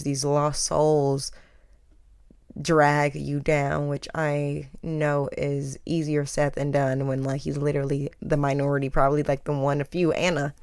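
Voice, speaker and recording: A woman's voice: low voice, gravelly, a little mellow, no room sound, studio quality. A woman hosting a podcast, giving chatty, opinionated pop culture commentary full of filler words. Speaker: podcast host.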